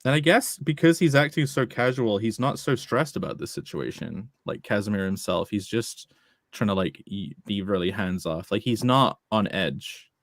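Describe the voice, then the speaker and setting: Lively, animated man in casual chat. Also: lowish voice, moderate pace, no room sound, clean studio sound. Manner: enthusiastic, laughs often, many fillers. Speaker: streamer discussing a comic.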